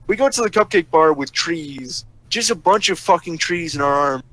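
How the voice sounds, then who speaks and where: A man's voice: on the high side, animated, moderate pace, pushed and bright, no room sound, poor audio. A man telling a long story in a casual, profane rant, sarcastic and flaring up angry. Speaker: storyteller ranting about a roleplay server. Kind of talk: casual ranting monologue.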